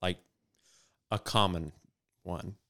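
A man's voice: sits low, steady tone, takes it slowly, gravelly, fairly bright tone. A man co-hosting a casual podcast, asking thoughtful questions and stammering a little as he starts. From United States. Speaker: podcast co-host. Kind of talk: casual conversation.

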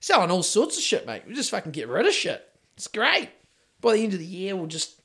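A New Zealand man co-hosts a podcast, rambling through stories in casual chat and swearing freely. His voice is high with big pitch swings, a little fast, a bit bright, and edged with breath.

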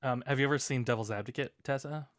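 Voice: medium pitch, fast talker, no room sound, clean studio sound. A co-host in casual chat, musing aloud and restarting sentences. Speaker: podcast co-host.

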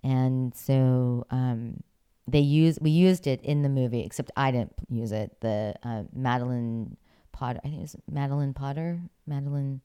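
A woman's voice: a bass voice, fairly even intonation, moderate pace, hardly any pauses, warm tone, clean tone. A woman from Pittsburgh, an actress and former figure skater, telling stories as an interview guest in a chatty way, laughing often. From Pittsburgh, USA. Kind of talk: casual interview storytelling.

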